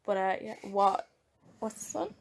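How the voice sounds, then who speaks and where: A young adult woman with an Irish accent and a mid-range, gravelly voice co-hosts a podcast, speaking unhurriedly. She tells stories animatedly in casual chat and laughs often.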